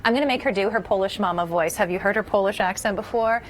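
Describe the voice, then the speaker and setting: A woman hosts a morning news show from the studio, bantering playfully and laughing often as she talks. Her voice is mid-pitched, and a faint background noise sits under her. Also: quick pace.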